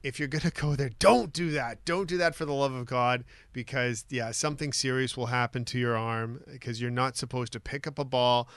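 A man's voice: mid-range voice, normal speed, hardly any pauses, a bit bright, clear, resonant tone, dry recording. A man appearing as a guest on a sports talk show, giving opinions in a casual, filler-laden way. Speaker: guest, comedian and former player.

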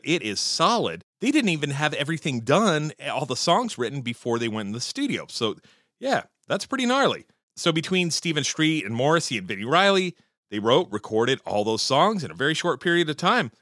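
A man talks through music history in a casual, profane monologue, full of opinions. His voice is bright and lively, swinging up high when he gets worked up. The sound is dry and close. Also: moderate pace, dry recording. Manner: profane, opinionated and animated, with frequent swearing; pitch jumps high when excited.

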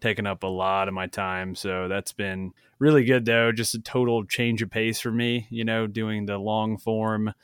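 Man, lowish smooth voice, dry close mic, easygoing rambling podcast talk. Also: moderate pace, few pauses, dry recording. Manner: relaxed, rambling, filler-heavy. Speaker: podcast guest and former host. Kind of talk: casual podcast chat.

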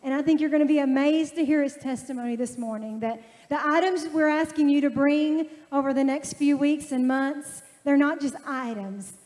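A woman's high, mellow voice introduces a guest speaker and then prays with fervent, heartfelt repetition. The church's long reverb rings under her words. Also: normal speed, hardly any pauses. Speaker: regional ministry director. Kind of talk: church announcement and prayer. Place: church sanctuary.

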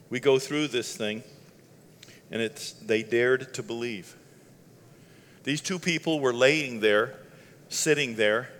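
A pastor preaching a holiday sermon. He talks in a conversational way, laughs between lines and sometimes builds to loud shouting. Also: mid-range voice, slight background noise. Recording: long hall reverb.

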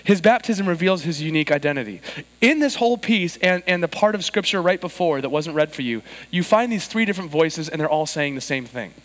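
A man's voice: on the high side, a little fast, hardly any pauses. Man preaching in a reverberant church. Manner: storytelling, animated quoted voices. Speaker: pastor. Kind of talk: sermon. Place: church sanctuary.

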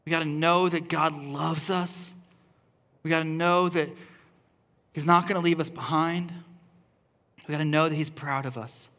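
A male pastor preaching at a church service, his voice pitched high with a bright, forceful edge. He talks earnestly and keeps repeating phrases, restarting lines to build emphasis. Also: fairly even intonation, measured pace, long pauses. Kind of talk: sermon.

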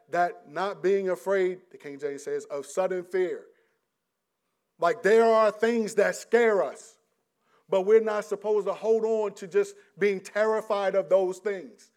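Brief: middle-aged man, preacher, high-pitched, casual sermon, restarts, rises loud then drops to a hush. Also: measured pace, clear, resonant tone. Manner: animated, many restarts, swings between loud and hushed. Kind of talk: conversational sermon.

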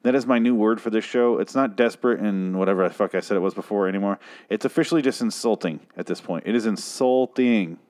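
A man's voice: lowish voice, fast talker, a little mellow. A man hosting his own review podcast, ranting casually with sarcastic, exasperated swearing. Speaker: podcast host.

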